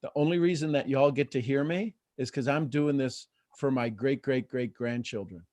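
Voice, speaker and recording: A middle-aged man hosting a live motivational coaching call, lively and acting out quoted voices. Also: medium pitch, normal speed. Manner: animated, acts out quoted voices. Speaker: host and coach.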